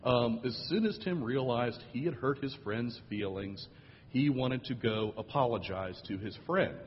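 A man's voice: medium pitch, lively intonation, measured pace, slight background noise. A man who is a pastor, telling a story in a sermon with acted quotes and dry humor. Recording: dull audio with long hall reverb.

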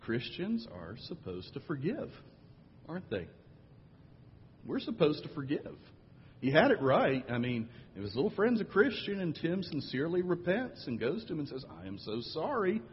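A man's voice: on the high side, big pitch swings, moderate pace, a little hiss or hum. A man who is a pastor, telling a story in a sermon with acted quotes and dry humor. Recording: dull audio with long hall reverb.

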